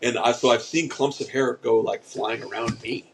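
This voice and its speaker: A man co-hosting a podcast in casual chat, telling rambling stories with deadpan asides. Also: mid-range voice, moderate pace, creaky, slight background noise, low-quality recording. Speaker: podcast co-host.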